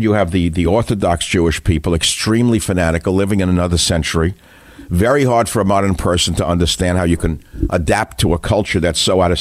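An older man with a low voice hosts a call-in radio show and speaks in a declamatory, opinionated way. He fires off rhetorical questions. His studio sound is close and dry. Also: no echo. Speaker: talk radio host. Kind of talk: talk radio monologue and call-in. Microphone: studio microphone.

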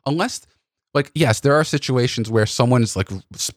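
A man hosting a podcast about photography workshops, telling stories in an animated way with many restarts. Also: mid-range voice, normal speed, dry recording, clean studio sound. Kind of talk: casual conversational storytelling.

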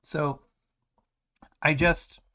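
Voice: drawn-out words, bright, forceful tone. An anime reviewer talking casually, rambling with many restarts and sarcastic asides.

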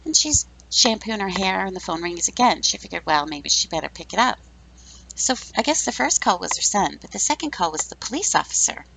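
A woman in her fifties talks through her opinions in a blunt, sarcastic, chatty way. Her voice is full of gravelly fry. A faint hiss sits under the recording. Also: medium pitch, animated, brisk, sharp tone, rough recording. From Canada. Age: 50s. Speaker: podcast host. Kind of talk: casual opinion monologue.

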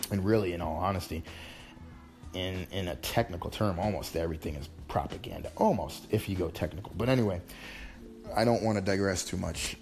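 A man's voice: sits low, darkish tone. A man in a rambling, exasperated monologue, often restarting his sentences. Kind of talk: casual ranting monologue.

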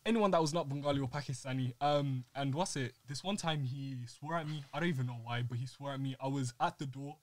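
A young man, telling a school story in a lively, joking way during a casual chat among friends. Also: medium pitch, fast, hardly any pauses. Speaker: podcast co-host.

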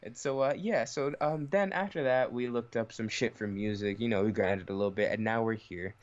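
A man co-hosting a casual chat, telling a story in an animated, profane way and laughing often as he talks. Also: on the low side, fairly quick, highs cut off. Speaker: co-host.

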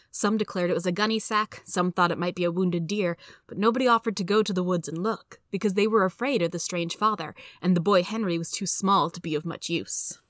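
A woman hosting a reading podcast, reading a story aloud in a steady, clear storytelling manner. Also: on the low side, no room sound, clean studio sound. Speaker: host and reader.

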